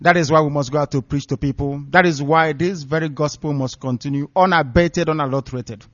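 High-voiced man preaching on radio. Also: fairly even intonation, brisk, few pauses, no room sound. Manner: emphatic, preaching declamation. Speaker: radio broadcaster. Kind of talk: live radio address. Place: radio studio. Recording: dull, lo-fi dry studio sound.

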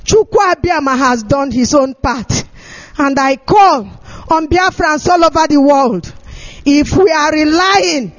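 High-voiced man shouting tearfully. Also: slow pace. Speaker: activist speaker. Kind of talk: impassioned political address. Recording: dull lo-fi recording.

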